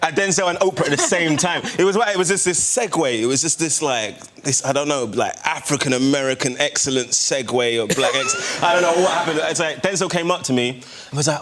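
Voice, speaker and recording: A man's voice: a little high, fast talker. A young man, laid-back and laughing, telling a story with many restarts on a chat show. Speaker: guest. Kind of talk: casual chat show anecdote. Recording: loud noisy chat show studio.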